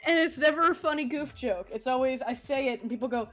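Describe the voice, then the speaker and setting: Woman co-host, high voice, quick jokes and casual swearing, light game music behind. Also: a bit bright. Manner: joking, swears freely, acts out quotes. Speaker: let's play co-host. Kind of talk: casual gaming chat.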